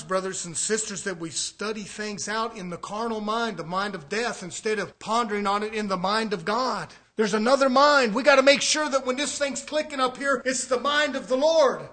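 A man preaching a fiery sermon, swinging from shouted peaks down to low, hushed lines.

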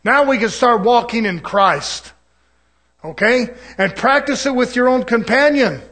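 A high-pitched man preaches to his congregation in a folksy, joking way. He drops into soft, laughing asides, then climbs into loud, fervent exhortation. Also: animated, a little slow. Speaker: pastor. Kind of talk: folksy sermon.

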